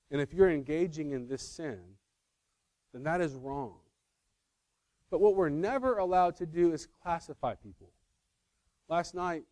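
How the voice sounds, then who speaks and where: A man with a fairly high voice preaches in an easy, conversational way, pressing hard on key points and fixing his words as he goes. The sound is dry and close, with no room echo. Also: darkish tone. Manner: conversational, self-correcting, emphatic. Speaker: pastor. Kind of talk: sermon.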